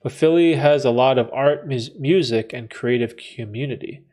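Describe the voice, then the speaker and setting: A man's voice: medium pitch, moderate pace, a little mellow, soft background music. A young man hosting a livestream, chatting casually with slang and frequent laughs while reading comments aloud. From Canada. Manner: laid-back, slangy, laughs often, reads chat aloud. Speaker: livestream host.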